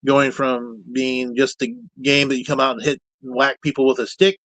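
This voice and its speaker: A man talking as a guest in a relaxed, meandering way, candid and a little salty with his words. His voice sits at an ordinary middle pitch. The sound is dry and close, without room echo. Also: moderate pace. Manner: rambling, candid, peppered with mild cussing. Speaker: guest, puppet builder. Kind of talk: casual chat.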